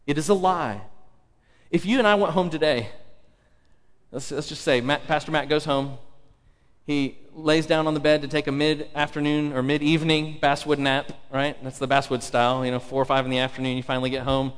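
A man's voice: on the high side, steady tone, normal speed, smooth. A male pastor preaching a sermon, emphatic, repeating key phrases and asking the congregation rhetorical questions. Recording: long hall reverb.

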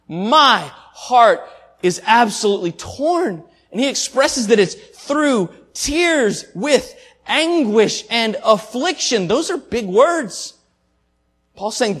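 A man preaching a sermon as pastor, speaking earnestly and from the heart, his voice swelling and falling in loudness. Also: extremely high pitch, expressive, takes it slowly, breathy edge. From Southern United States.

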